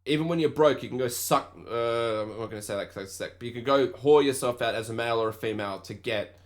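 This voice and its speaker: A young Australian man hosts a podcast, telling a story in a rambling, profane rant and mocking the people he quotes. He speaks fast in a mid-range voice, in a casual ranting monologue.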